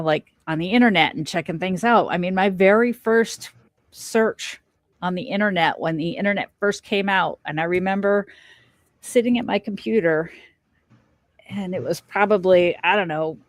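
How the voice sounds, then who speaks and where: Animated woman telling a story, dry sound. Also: medium pitch, normal speed, no echo. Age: middle-aged. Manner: animated storyteller, acts out quoted lines. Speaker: podcast guest. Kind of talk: casual storytelling interview.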